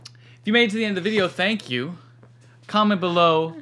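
A man's voice: sits high, a little fast, sharp tone. A man co-hosting a casual reaction video, joking and playing mock-defensive with his co-host.

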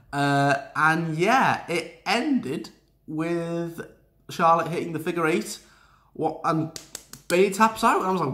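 Guy, slightly high voice, loose sarcastic recap rant to camera. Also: sharp tone. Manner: chatty, sarcastic, laughs often. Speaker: wrestling show reviewer.

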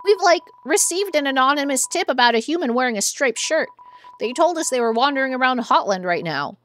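A woman's voice: sits high, animated, a little fast, a bit bright, slight background noise. A woman voicing a laid-back, slangy young male guard in armor from a video game. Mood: chill. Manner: slangy, drawling.

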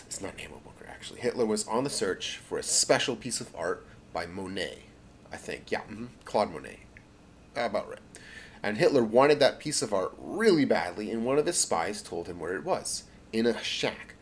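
A man tells a made-up tale in a low voice that swings widely in pitch. He rambles, stumbles over words and corrects himself, stopping for asides before pushing on with the story. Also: slight background noise. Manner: rambling, self-correcting, many fillers and asides. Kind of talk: improvised spoken storytelling.

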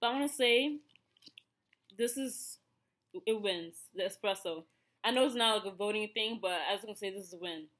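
A woman's voice: mid-range voice, moderate pace, long pauses, a bit bright. A woman in her thirties with an Ethiopian accent, chatting casually through a snack review with many fillers and restarts. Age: 30s. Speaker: vlogger.

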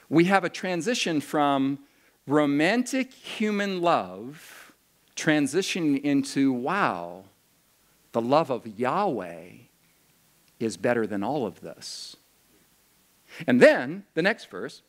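Male pastor for a youth camp sermon. Fairly high voice with wide swings, animated and playful. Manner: animated, swings between slow solemn reading and quick joking asides.

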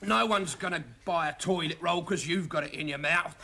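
A man's voice: fairly high pitch, moderate pace, creaky, bright, forceful tone, exaggerated voice. An actor playing a scruffy, lazy male agent who grumbles drowsily and mocks his friend. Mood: mocking. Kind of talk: sitcom acting.

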